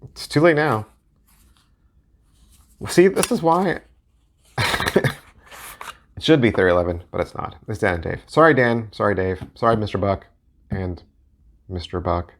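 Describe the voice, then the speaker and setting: Reviewing playing-card decks for his video, a middle-aged collector rambles in a relaxed way, cracking jokes and mocking himself. His pitch is fairly low with a somewhat bright quality.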